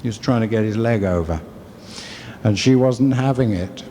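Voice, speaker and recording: A man's voice: on the low side, moderate pace, mellow, slight background noise. English man telling his story in a hall. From England. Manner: storytelling, wry and candid. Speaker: convention speaker. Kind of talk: recovery share at a convention. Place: convention hall. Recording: hall reverb, faint ambience, 1980s convention tape.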